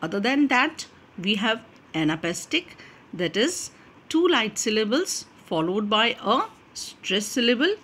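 A woman giving a recorded literature lecture, explaining terms slowly and repeating points with many fillers. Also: fairly high pitch, very animated, fairly bright tone, slightly rough.

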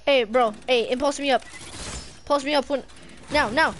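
A young woman playing a video game with a friend, yelling, swearing and joking. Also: high voice, moderate pace, a little hiss or hum. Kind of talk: casual gaming chat.

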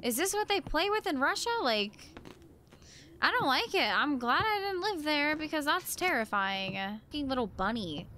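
High, lively-voiced woman gamer, drawling. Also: moderate pace. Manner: talks to herself, filler "like", swears and gasps when startled. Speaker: gamer playing a horror game. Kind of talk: casual let's-play commentary. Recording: noisy home recording.

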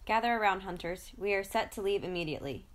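A woman's voice: on the low side, steady tone, fairly quick, natural voice. A woman voicing a stern, powerful male lion leading his pride in a storybook, in a commanding way.

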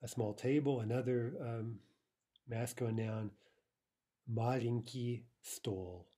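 A man teaching a recorded language lesson, explaining patiently and repeating example words slowly with frequent "right?" checks. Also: mid-range voice, steady tone, mellow, breathy edge.

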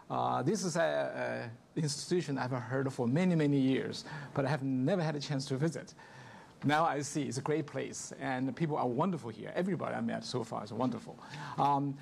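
A man's voice: fairly high pitch, gravelly, a little hiss or hum. A man from southern China with a Chinese accent, giving a university guest lecture in a chatty, joking way and often checking in with "right?". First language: Mandarin Chinese. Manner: jokey and chatty, keeps asking "right?". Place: lecture hall at a podium.

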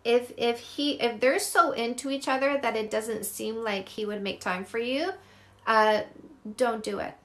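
High-voiced blunt Canadian dating coach. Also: female voice, steady tone, a little slow, fairly bright tone. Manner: blunt, swears casually, upbeat. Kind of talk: live-stream Q&A, answering comments.

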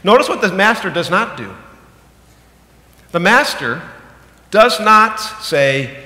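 This thirty-something pastor preaches with animation and emphasis, and his voice rings through a church sanctuary with long reverb. Between loud bursts, he drops low and slow to drive home key points.

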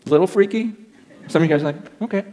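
A middle-aged man preaching a sermon as pastor, telling a story in an animated way and swinging between loud bursts and hushed asides. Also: on the high side, quick pace.

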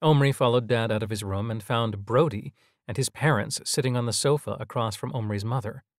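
A man narrating a scripted audio drama in an even, measured storytelling manner. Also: mid-range voice, no echo, clean studio sound.

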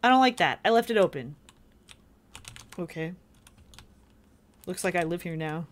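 A woman's voice: on the low side, animated, unhurried. A woman giving casual, sweary gameplay commentary, chatting to her viewers and jumping at scares. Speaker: gaming video creator.

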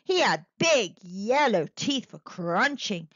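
Slow, lively woman reading a children's story. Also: mid-range voice, no room sound, dull audio. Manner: slow, expressive, very animated reading. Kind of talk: children's book read-aloud.

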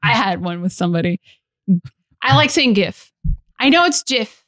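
A woman's voice: mid-range voice, big pitch swings, brisk, fairly bright tone, dry recording, clean studio sound. A woman guest on a podcast, chatting casually in a bubbly, playful way and laughing often. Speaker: guest artist.

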